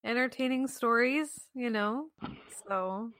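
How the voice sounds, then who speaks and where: A woman co-hosting a podcast, reacting with bright, laughing remarks. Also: on the high side, takes it slowly, crowd noise. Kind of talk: casual chat.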